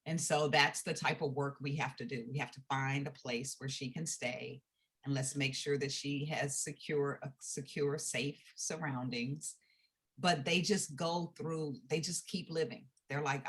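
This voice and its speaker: Brief: woman, low and husky, earnest storyteller for a youth nonprofit. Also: steady tone, measured pace, a bit bright. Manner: earnest, storytelling with quoted speech. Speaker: nonprofit founder. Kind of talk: conversational interview talk.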